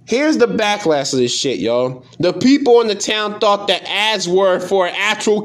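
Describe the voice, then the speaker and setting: A man with a high, lively voice that leaps around as he rants. He hosts a casual podcast, swearing freely and sounding fed up as he addresses his listeners directly. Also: normal speed, few pauses. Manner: profane, exasperated, talks straight to listeners. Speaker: podcast host. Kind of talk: casual commentary on news stories.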